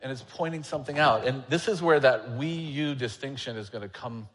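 A man's voice: medium pitch, fairly quick, a bit bright, long reverb tail. A man, an elder preaching a sermon, talking candidly and conversationally with a self-deprecating manner. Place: church sanctuary.

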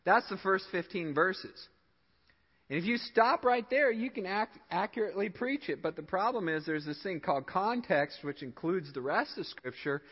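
A man's voice: high-pitched, expressive, moderate pace, breathy edge. Emphatic male pastor preaching in a hall. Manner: emphatic preaching, voice rising and dropping for stress. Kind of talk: sermon. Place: church sanctuary. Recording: dull sound in a reverberant hall.

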